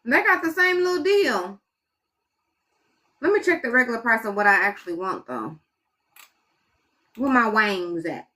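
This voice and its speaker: A woman's voice: on the high side, lively intonation, unhurried, long pauses, sharp tone. A woman chatting casually on a live stream, muttering exasperated asides to her viewers as she goes.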